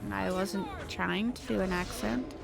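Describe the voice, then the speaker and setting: A woman's voice: medium pitch, measured pace, vocal fry. A woman streaming a game live, chatting casually with her viewers and often giggling. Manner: chatty, giggly, answers chat.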